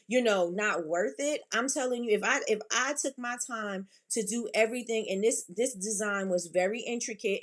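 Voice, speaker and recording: A woman's voice: medium pitch, a bit bright. A middle-aged woman hosting a casual livestream, reading out viewer comments and giving emphatic, repetitive business advice. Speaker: livestream host.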